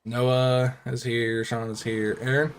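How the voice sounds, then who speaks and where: A man running a tabletop game as game master, narrating in a relaxed way and laughing easily. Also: mid-range voice, slow pace, slight background noise.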